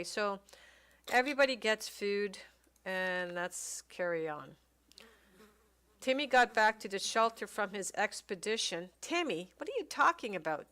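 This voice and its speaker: A woman giving casual gameplay commentary, reading game text aloud and thinking out loud with many pauses and fillers. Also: medium pitch. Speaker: let's play commentator.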